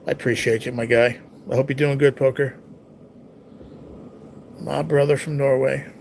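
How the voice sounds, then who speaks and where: Laid-back streamer, young man, gravelly, teasing, with faint hiss behind. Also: medium pitch, fairly even intonation, moderate pace, long pauses. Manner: laid-back, swears freely, teases viewers. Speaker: live-stream host reading viewer chat. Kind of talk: casual live-stream chat.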